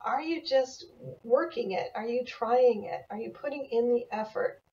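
A middle-aged woman, an animal communicator, telling a student story in an enthusiastic, animated mentoring talk. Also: on the high side, normal speed. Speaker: animal communicator teaching a class. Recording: dull, lo-fi audio from a distance.

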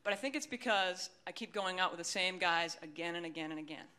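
A woman's voice: fairly low pitch, fast talker, pushed and bright, clear, resonant tone. A woman comedian doing a stand-up set, self-deprecating and rambling, with dry asides. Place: comedy stage before a live audience.

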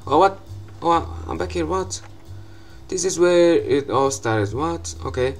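A young man giving excitable gameplay commentary, swearing often and breaking into loud outbursts and laughs. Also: on the high side, a little slow, creaky, soft background music, low-quality recording.

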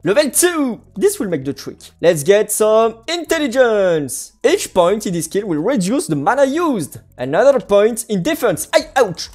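A woman's voice: fairly high pitch, a little mellow. Bubbly woman gaming. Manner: bubbly, exclaims and giggles, hums little tunes. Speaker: gaming video creator. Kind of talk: playful gameplay commentary.

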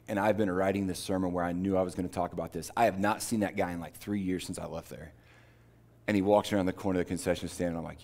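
A man preaching a sermon, telling a personal story in a conversational way that builds to emphatic preaching. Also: mid-range voice. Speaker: pastor.

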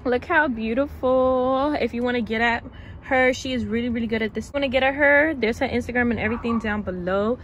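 A seventeen-year-old girl chatting excitedly to her phone camera in a casual, slangy vlog. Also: on the high side, fairly quick. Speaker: vlogger. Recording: loud background street noise.

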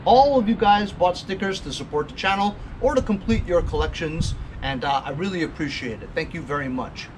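Male small-engine repair host, casual rambling commentary with fillers, a bit higher voice, noisy garage recording. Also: lively intonation, fairly quick, few pauses. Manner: rambling, chatty asides with many fillers. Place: home garage and car.

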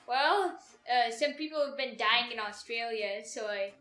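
A performer voicing a dim, cheerful male comedy character who co-hosts, rambling and halting in sketch banter, in an echoey room. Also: medium pitch, bright, forceful tone, soft background music. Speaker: co-host.

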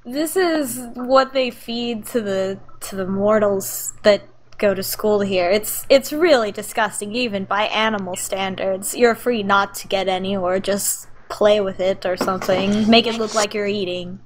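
A woman's voice: medium pitch, a little slow, a little hiss or hum. A woman narrating as game master of a tabletop game, laughing often and using many fillers.

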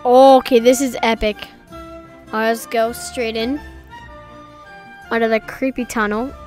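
A young woman commentating a horror game as she plays, excitable and easily scared, shrieking at frights and dropping to whispers. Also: fairly high pitch, measured pace, faint music behind. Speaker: gaming video creator. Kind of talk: let's play commentary.

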